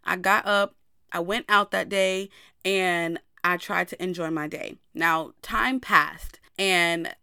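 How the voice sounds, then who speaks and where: A woman's voice: lowish voice, steady tone, slow, vocal fry, sharp tone, smooth, dry recording, clean studio sound. A young woman hosting a podcast, telling a personal story in a candid way and talking straight to her listeners. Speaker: podcast host.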